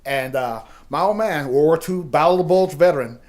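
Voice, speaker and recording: Man, middle-aged, chatty podcast co-host; rambling anecdotes, fillers, quick laughs, voice on the higher side. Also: a little mellow. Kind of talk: casual storytelling chat.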